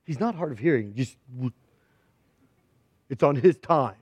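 Joking male pastor, high voice, dry close sound, conversational and emphatic. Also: expressive, a little slow, pauses often, a little mellow, slightly rough, no room sound. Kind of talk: humorous sermon.

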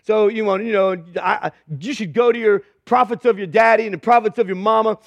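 A man's voice: sits high, steady tone, a little fast, gravelly, no echo. A man voicing an exasperated male prophet who bluntly scolds kings, in a sermon retelling. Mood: sarcastic. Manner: sarcastic, blunt.

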